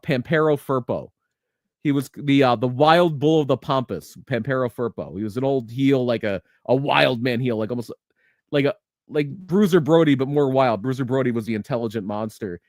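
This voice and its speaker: A man co-hosts a casual wrestling podcast, telling rambling stories full of restarts and chuckles. His voice is medium-pitched at a normal speed, with clean studio sound and no room noise.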